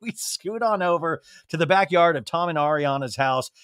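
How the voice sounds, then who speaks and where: A sarcastic male podcast host recapping TV for laughs, his voice sitting high. He riffs freely, and the recording is close and dry. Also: animated, moderate pace, fairly bright tone, no room sound. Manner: sarcastic, riffing, jumps into silly impressions.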